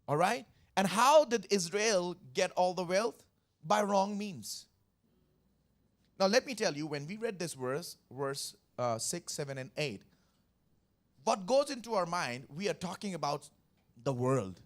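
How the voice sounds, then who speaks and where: Preaching as pastor at a Sunday church service, this man from India has a high, expressive voice and a measured pace with frequent pauses. His manner is emphatic; he repeats phrases and questions the congregation.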